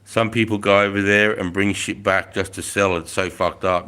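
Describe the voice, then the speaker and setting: A man's voice: on the low side, fairly even intonation, normal speed, bright, forceful tone. A man with an Australian accent, in his forties, telling army stories and chatting with viewers on a casual live stream, swearing freely. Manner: swears a lot, laid-back, reads chat aloud. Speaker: livestream host, ex-soldier.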